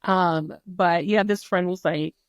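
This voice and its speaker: A woman on a podcast speaks candidly and chattily, with a voice pitched a little low. She curses without fuss and loops back on her thoughts. The sound is dry and close, with no room around it. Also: steady tone, slow pace, smooth, dry recording. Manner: candid, chatty, swears freely, many fillers and restarts. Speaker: podcast guest. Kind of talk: casual chat.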